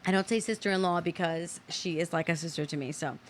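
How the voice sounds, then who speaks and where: An American woman hosting a casual live show, telling a funny story with animated, laughing delivery. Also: on the low side, fast, slight background noise. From United States. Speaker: host.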